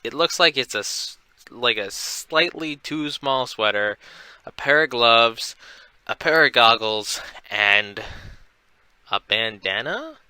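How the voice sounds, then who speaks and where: Bright, casual young man recapping a comic. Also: medium pitch, animated, takes it slowly, clean tone, no echo, low-quality recording. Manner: retells scenes with loose quoted dialogue, many fillers. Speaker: comic book reviewer.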